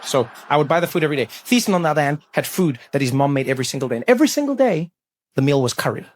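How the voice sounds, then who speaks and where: A stand-up comedian with a notably high voice tells a story on a live stage. His delivery is animated and breaks into sudden loud bursts. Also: rapid-fire, no room sound, studio quality.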